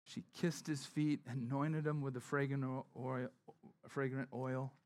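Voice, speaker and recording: A man's voice: steady tone, moderate pace, a little mellow. A man preaching a sermon as pastor, talking conversationally and acting out the people in the story. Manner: conversational, acts out quotes with shifting pitch and volume.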